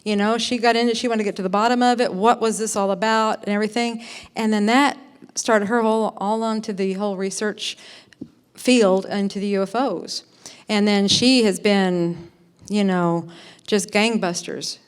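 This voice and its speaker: Excited, rambling woman introducing a speaker. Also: medium pitch, moderate pace, clean tone. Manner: rambling, excited, many fillers and restarts. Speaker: conference organizer introducing a speaker. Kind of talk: live introduction at a conference. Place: conference hall, in front of an audience.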